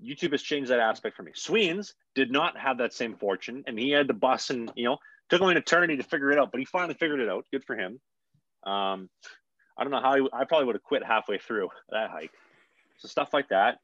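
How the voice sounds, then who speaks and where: A young man, a hockey player guest, telling stories casually in an animated way and swearing freely. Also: mid-range voice, brisk, dry recording, muffled recording. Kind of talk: casual storytelling.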